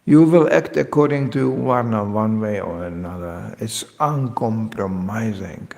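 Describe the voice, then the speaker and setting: A man giving a devotional lecture as a spiritual teacher, lively and joking, often acting out other people's voices. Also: on the low side, moderate pace, gravelly, in a large hall.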